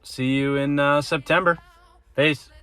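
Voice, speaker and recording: A man's voice: on the high side, steady tone, unhurried, pushed and bright, clean tone, faint music behind. A young man telling a funny family story in a casual video message, loose and chatty with lots of fillers. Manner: loose and chatty, many fillers, occasional swearing. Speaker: brother sending a video message.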